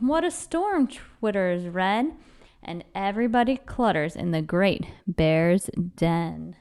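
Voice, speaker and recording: A woman reading a children's picture book aloud in a rhythmic, expressive way. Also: medium pitch, clean tone. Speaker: storybook reader.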